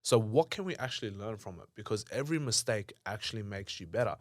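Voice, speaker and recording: This young Australian man, an entrepreneur on a podcast, speaks fast in a lowish, expressive voice over a dry, clean studio recording. He swears freely while telling stories, reenacting past arguments loudly.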